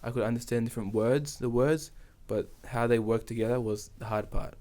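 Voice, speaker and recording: A man with a New Zealand accent, a guest in a casual interview, talking in a relaxed way and reading phrases slowly and carefully. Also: mid-range voice.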